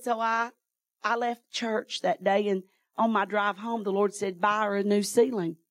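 A woman's voice: mid-range voice, no echo. A woman preacher, telling a folksy testimony in her sermon and laughing often.

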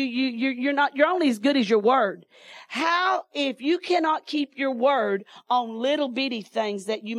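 A woman's voice: high-pitched, a bit bright, dry recording. A woman preacher, telling a folksy testimony in her sermon and laughing often.

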